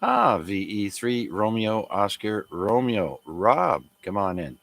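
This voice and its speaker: Man hosting an amateur radio net, a slightly low voice, easygoing and full of fillers. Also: slow, vocal fry. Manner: relaxed, chatty, many fillers.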